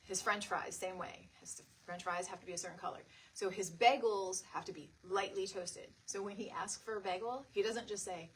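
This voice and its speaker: A woman's voice: fairly quick, hardly any pauses, slight background noise. A middle-aged woman hosting a casual live craft stream, chatting to viewers by name and laughing often. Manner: animated, jumps to high pitch when retelling stories. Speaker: craft livestream host.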